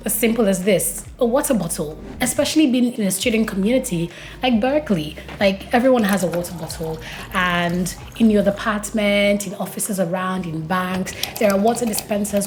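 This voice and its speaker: A woman's voice: mid-range voice, darkish tone, slight background noise. A young woman from Nigeria talking casually to camera in a vlog, telling stories and acting out what people said. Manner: chatty storytelling that acts out quoted dialogue. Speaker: vlogger.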